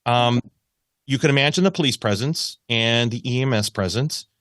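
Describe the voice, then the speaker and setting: A man's voice: mid-range voice, moderate pace, no room sound, clean studio sound. A man, a radio news reporter, telling a long story as a podcast guest and acting out the voices in it. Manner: animated, acts out quoted voices. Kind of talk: conversational storytelling.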